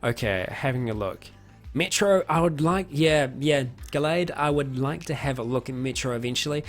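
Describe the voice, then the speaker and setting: A man's voice: medium pitch, animated, moderate pace, faint music behind. A man chatting casually on a live stream, answering viewer questions with lots of fillers, restarts and chuckles. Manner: rambling, many fillers and restarts, chuckles often.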